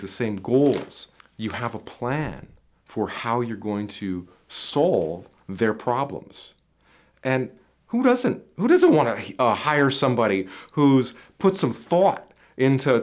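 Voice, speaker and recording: A man coaching viewers on job interviews in an emphatic, repetitive advice monologue that speaks straight to the listener. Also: fairly low pitch.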